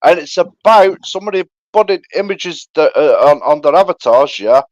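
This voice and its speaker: A man on a livestream panel who talks excitably, stammers and gets defensive. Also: fairly high pitch, moderate pace, no room sound, muffled recording. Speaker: panel guest. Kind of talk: heated livestream panel banter.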